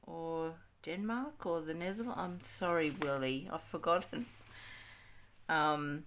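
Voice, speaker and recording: Slow, gushing Australian woman in her sixties. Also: fairly low pitch, a little hiss or hum. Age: 60s. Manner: gushing, exclaiming over each item. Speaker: craft vlogger. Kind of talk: casual unboxing chat.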